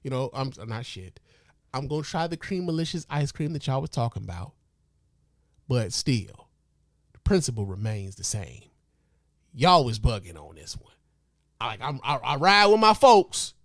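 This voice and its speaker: A man hosting a comedic podcast, ranting in a profane, mock-outraged way that swings from loud outbursts to low mutters and chuckles, speaking into a podcast microphone. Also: big pitch swings, normal speed, long pauses, no echo, studio quality. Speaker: podcast host.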